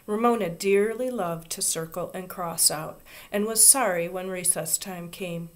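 A woman reading a children's chapter book aloud in a soft, expressive, unhurried voice. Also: fairly low pitch. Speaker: reader. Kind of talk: storybook read-aloud.

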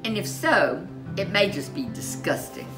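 A woman's voice: lowish voice, lively intonation, unhurried, music in the background, pitched above the performer's own voice. Woman doing prim sly goblin. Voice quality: prim and formal. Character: polite sly male goblin, grinning, scheming.

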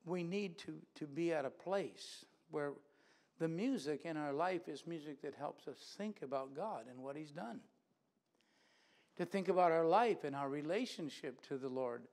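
Male preacher, high-pitched, earnest sermon delivery with repeated phrases, church setting. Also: expressive, normal speed, a little mellow.

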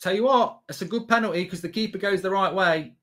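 Guy streaming a live reaction, excitable, swears a lot, bright tense voice, bit high. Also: quick pace. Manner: excitable, swearing, talking to himself.

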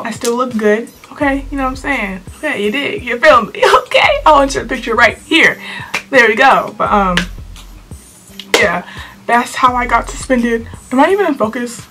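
A teenage girl telling a storytime vlog to her camera in an animated, sassy way, full of slang. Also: fairly high pitch. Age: teens. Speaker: vlogger.

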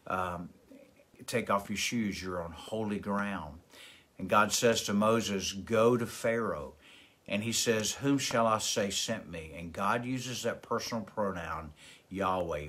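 Man, pastor, daily devotional, earnest, emphatic, lowish voice. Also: fairly bright tone. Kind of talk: daily devotional Bible teaching.

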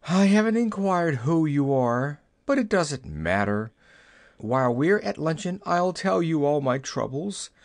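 A man's voice: a little high, sing-song, a little slow. A man doing a gloomy rabbit king. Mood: mournful. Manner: mournful, complaining. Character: gloomy, self-pitying male rabbit king.

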